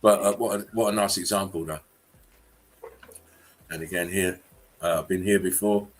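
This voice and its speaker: A man hosting a casual live-stream chat, often bursting into high laughter. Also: steady tone, normal speed, slightly rough. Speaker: channel host.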